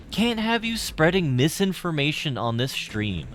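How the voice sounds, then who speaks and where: A man's voice: a little high, very animated, measured pace, few pauses, a bit bright, a little hiss or hum. A young man streaming a game, rambling through casual commentary with profanity and tangents.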